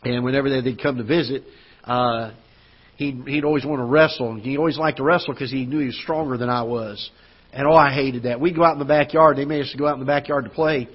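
A man's voice: medium pitch, fairly even intonation, fast, slightly rough, highs cut off. A man preaching a sermon as pastor in a church auditorium, speaking earnestly and conversationally with fillers and restarts. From Florida.

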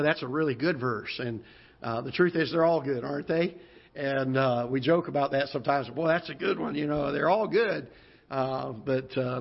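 Folksy pastor, dull broadcast sound. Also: male voice, fairly high pitch. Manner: unhurried, folksy, many "uh" fillers, slows to read scripture. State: occasional cough. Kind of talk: sermon. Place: church auditorium. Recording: dull lo-fi church broadcast audio.

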